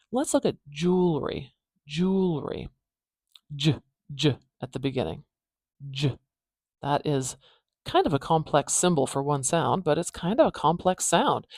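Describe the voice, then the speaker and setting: Woman with a gravelly voice. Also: low voice, darkish tone, no room sound, clean studio sound. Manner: repeats words slowly to demonstrate sounds. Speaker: speech pathologist teaching phonetics. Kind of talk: casual phonetics lesson.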